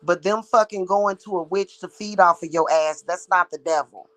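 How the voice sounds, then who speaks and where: A woman's voice: fairly low pitch, normal speed, a bit bright, rough recording. A woman who works as a psychic reader, ranting to her viewers in a blunt, heated, profane monologue. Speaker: psychic reader and spiritual practitioner.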